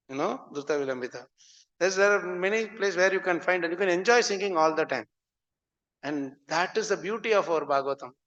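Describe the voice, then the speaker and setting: Male teacher, encouraging and patient, high voice, dull lo-fi recording. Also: fairly bright tone, long reverb tail. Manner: encouraging, explains verse meter patiently. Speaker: scripture class teacher. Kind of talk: scripture class.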